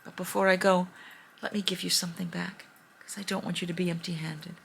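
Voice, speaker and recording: A woman voicing a kind, wise fairy in a told fairy tale, speaking in a gentle, earnest way. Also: lowish voice, little pitch movement, fairly quick, gravelly, slight background noise. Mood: tender.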